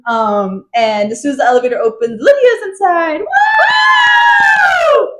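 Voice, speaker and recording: A young woman co-hosting a casual book podcast, chatty and quick to laugh as she recaps chapters and acts out characters' lines. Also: on the high side, sing-song, very noisy. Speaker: podcast co-host.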